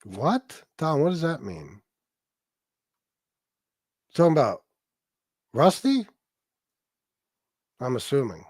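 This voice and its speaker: A middle-aged man hosting a casual livestream, telling stories in a profane, mocking and lively way. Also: mid-range voice, slow pace, long pauses, no room sound. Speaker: livestream host.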